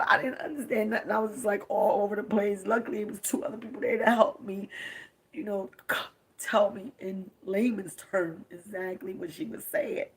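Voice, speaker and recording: On a close-miked phone, a young Baltimore-accented woman with a medium-pitched, breathy voice shares her grief confidingly with her live-stream viewers, often dropping to a whisper.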